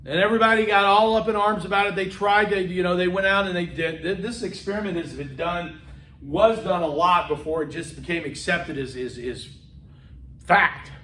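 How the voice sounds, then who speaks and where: A middle-aged man lecturing a college class in an echoey classroom. He talks loudly, with chatty asides and repeated words, and his fairly high voice swings up and down a lot. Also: recorded from a distance. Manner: animated, loud, chatty with asides and repetitions. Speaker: college instructor. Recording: echoey room.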